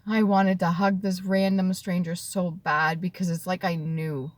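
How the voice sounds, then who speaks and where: Woman in her thirties, low voice, heartfelt, tearful, personal story, dry close sound. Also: flat delivery, a little slow, no echo. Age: 30s. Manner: tearful and heartfelt, drifting between soft whispers and earnest talk. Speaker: vlogger. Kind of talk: emotional personal story to camera.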